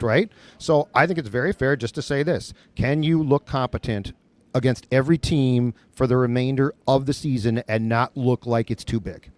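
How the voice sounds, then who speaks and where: A man's voice: mid-range voice, animated, normal speed, no echo. A man co-hosting a sports podcast, arguing his point in a conversational way. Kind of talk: sports talk analysis.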